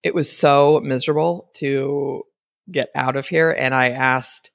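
A woman's voice: rumbling low, fairly even intonation, a little slow, vocal fry, dry recording, clean studio sound. A woman hosting a podcast, chatting casually and rambling as she retells a story and acts out what people said. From United States. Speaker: podcast host.

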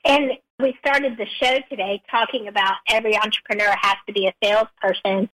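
A woman's voice: mid-range voice, fairly even intonation, fairly quick, a bit bright, low-quality recording. A woman co-hosting a radio talk show, chatty and bubbly. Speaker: radio co-host.

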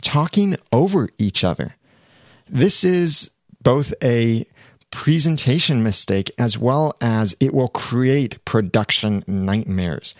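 A man's voice: mid-range voice, animated, slow pace, no room sound. A man who hosts podcasts explaining production mistakes in a practical, step-by-step way from his podcast studio. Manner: practical, explanatory, speaks in clear points. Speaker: podcast host giving production tips. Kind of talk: instructional talk to camera.

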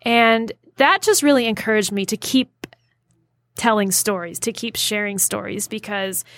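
A woman's voice: mid-range voice, moderate pace, a bit bright, dry recording. A woman guest on a podcast, speaking thoughtfully with frequent hesitations. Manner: thoughtful, hesitant, many fillers. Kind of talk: casual podcast conversation.

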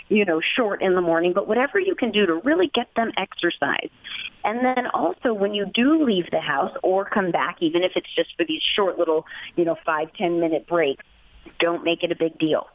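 A woman's voice: mid-range voice, no room sound. A chatty woman offers friendly, practical pet advice in an encouraging tone. Her voice comes through a tinny, narrow telephone line. The sound is dry, with no room around it. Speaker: pet expert guest. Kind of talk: casual advice on a phone interview.

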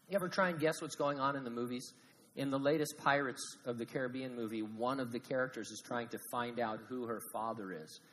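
A man preaching a sermon as pastor, animated, swinging from loud emphasis to hushed asides with jokes. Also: medium pitch, brisk, long reverb tail, low-quality recording.

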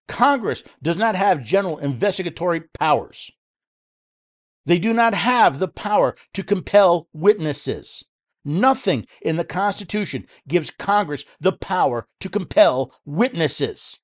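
A man's voice: high-pitched, expressive, measured pace. A man hosting a political commentary show, speaking angrily and heatedly, with frequent restarts and repeated words. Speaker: host.

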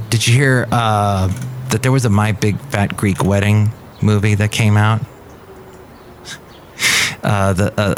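Male podcast host, casual, wry rambler, faint background hiss. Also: on the low side. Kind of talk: casual solo podcast chat. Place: café.

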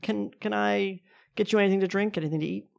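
Woman doing a smooth, wary gentleman host. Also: medium pitch, fairly even intonation, fast talker, voice pushed up. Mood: coolly polite. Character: smooth-talking adult man, Tristan, a wary host.

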